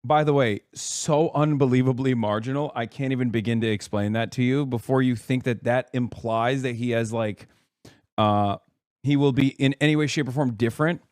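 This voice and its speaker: A man in his thirties doing casual political commentary on a stream, animated and sarcastic, with exasperated asides. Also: mid-range voice, moderate pace, no room sound, clean studio sound. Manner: reads quotes aloud in a put-on accent.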